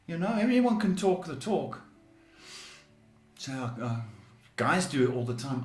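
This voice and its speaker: A man's voice: a little high, very animated, unhurried, long pauses, a little mellow, roomy sound. A man hosting a live psychic tarot advice show. He gives blunt, emphatic guidance and often repeats or restarts his words.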